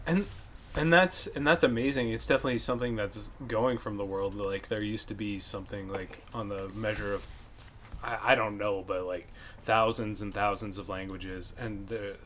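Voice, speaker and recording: A man's voice: fairly low pitch, fairly even intonation, moderate pace, a bit bright, a little hiss or hum. A man in casual conversation, talking hesitantly with many restarts. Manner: hesitant, restarts, laughs easily.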